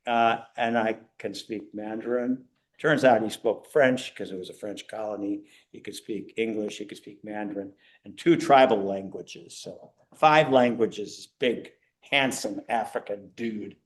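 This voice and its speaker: An older man giving an animated, self-mocking storytelling talk to a church audience. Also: lowish voice, unhurried. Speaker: guest speaker.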